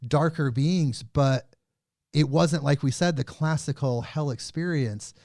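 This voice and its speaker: A man hosting a podcast who asks his questions with engaged enthusiasm. His voice sits a little higher than most men's. The sound is close and dry, with no room echo. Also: measured pace, darkish tone. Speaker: podcast host. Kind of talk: interview conversation.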